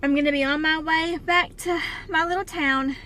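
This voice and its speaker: Sitting in her car, a Southern-accented woman vlogger chats casually and plainly to camera. Her voice sits high, pushed and bright, with fairly even intonation at a moderate pace, and car road noise is clearly audible.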